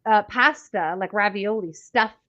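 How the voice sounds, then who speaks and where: A woman's voice: mid-range voice, measured pace, lo-fi sound, a crowd in the background. A Canadian woman co-hosting a podcast, chatting casually in a rambling, self-deprecating way. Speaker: podcast co-host. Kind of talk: casual chat.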